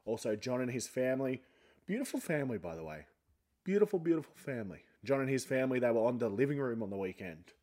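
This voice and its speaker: This solo podcast host, a young man, talks fast and expressively with a medium-pitched, darkish voice. His speech sounds a little funny thanks to a sore jaw from wisdom tooth removal, and his casual chat is rambling and self-mocking.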